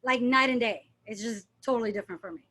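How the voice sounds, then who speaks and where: High-voiced woman, chatty and animated. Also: fast, breathy edge. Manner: animated storyteller, mimics accents playfully. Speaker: dancer and interview guest. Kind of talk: casual interview chat.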